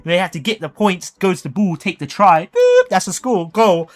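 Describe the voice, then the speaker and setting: Guy hosting a stream, telling a story, pitch bouncing all over. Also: normal speed. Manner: animated, jokey, acts out voices. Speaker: livestream host. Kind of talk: casual storytelling on a livestream.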